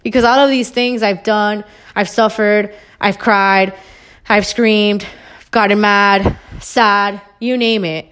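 A woman's voice: medium pitch, fairly even intonation, slow, a bit bright, clean tone. A woman hosting her own podcast, ranting about wellness in a blunt, emphatic way, swearing freely and repeating her points, a little out of breath. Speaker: podcast host. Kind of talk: solo motivational rant.

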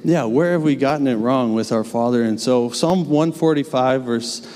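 Long church reverb surrounds this young adult pastor as he preaches at a normal speed. His mid-range voice is a little mellow, and his sermon is earnest and conversational, sprinkled with casual asides.

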